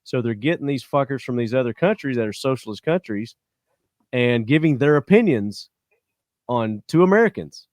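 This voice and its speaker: A man's voice: mid-range voice, lively intonation, normal speed, a little mellow, dry recording, clean studio sound. Blunt profane male podcast host. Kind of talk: casual podcast chat.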